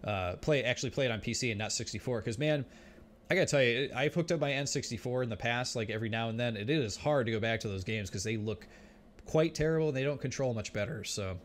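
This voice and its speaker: A man's voice: mid-range voice, fast talker. A man streaming a game and chatting with viewers, often exclaiming and laughing as he plays. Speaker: gaming streamer. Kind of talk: let's play commentary.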